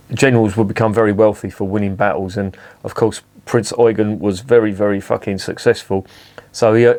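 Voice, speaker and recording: A middle-aged man with a somewhat low voice, talking straight to camera in a casual review. He swears constantly and grumbles with sarcastic exasperation. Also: darkish tone. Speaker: beer reviewer. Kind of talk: casual beer review vlog.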